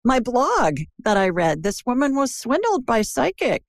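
A woman's voice: on the high side, very animated, measured pace, no echo, clean studio sound. A woman from Ohio hosting a call-in show, chatty and digressive, talking to a caller. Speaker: intuitive show host. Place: Birmingham.

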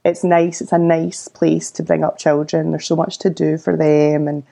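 Woman, 40s, Glaswegian Scottish accent, gravelly, chatty interview guest. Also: low voice, moderate pace. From Scotland. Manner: relaxed, chatty, frequent fillers. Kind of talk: casual interview chat.

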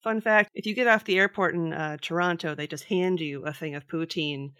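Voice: mid-range voice, a little fast, sharp tone, dry recording, clean studio sound. A podcast host from the United States with a Minnesotan accent, joking and playful. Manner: playful, jokey. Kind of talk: casual chat.

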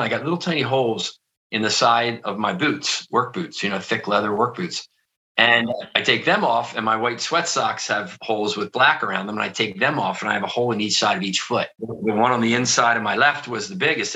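An earnest middle-aged man recounting a personal story in an interview, with a bright, forceful tone and a somewhat low voice. He talks vividly and keeps restarting his sentences with "you know.". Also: rough recording. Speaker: guest telling his near-death story.

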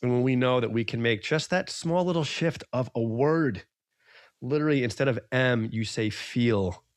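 A man's voice: medium pitch, normal speed, dry recording, clean studio sound. A man hosting a podcast, talking in an earnest, emphatic way and circling back over his points. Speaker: podcast host. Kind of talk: casual podcast conversation.

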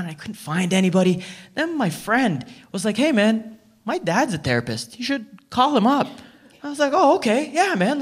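On stage in front of a live crowd, a high-voiced Canadian comedian animatedly tells stories and plays out the dialogue himself.

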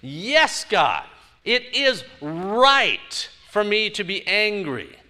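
An indignant, stubborn prophet, as a preacher acts him out, pushing his voice higher and louder as he digs in. He repeats himself again and again, defiant and sure he is right. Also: wildly swooping pitch, slow pace, heavily acted.

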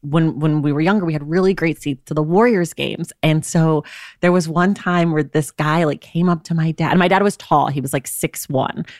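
Woman, podcast guest, low voice, dry close sound, playful storytelling. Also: moderate pace, darkish tone, dry recording. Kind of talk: casual chat.

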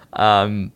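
Brief: slow, laughing self-mocking comic co-host, from Massachusetts. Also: male voice, fairly bright tone, dry recording. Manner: laughing, self-mocking, talks around in circles. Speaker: podcast co-host. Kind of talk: casual comedy banter.

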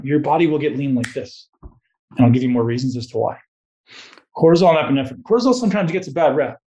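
A man's voice: a little high, warm tone. A man giving a blunt, motivational coaching talk to a live group, swearing freely and firing questions at the room. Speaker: host giving a talk on fat loss.

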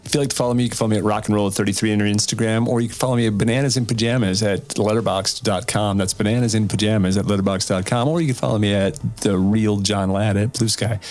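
A man co-hosting a podcast in casual chat, jokey and quick to laugh. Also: fairly low pitch, steady tone, darkish tone. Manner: jokey, laughs often, does quick impressions. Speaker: podcast co-host.

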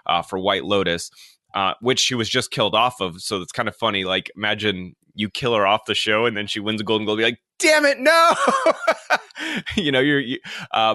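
Male co-host, low and forceful, dry close sound, casual recaps. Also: no room sound. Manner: recaps stories, searching for details with fillers. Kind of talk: casual celebrity news chat.

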